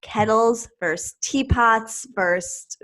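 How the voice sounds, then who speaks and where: Woman podcast co-host, casual and chatty, somewhat high voice. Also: slow. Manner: chatty storyteller, lively retelling. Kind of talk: casual chat.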